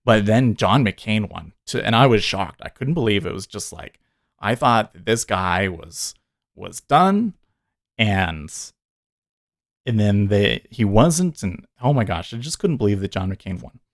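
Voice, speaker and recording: A man's voice: lowish voice, big pitch swings, measured pace, no echo, studio quality. A man in his thirties hosting a day trading livestream, talking casually and earnestly, rambling with frequent self-corrections.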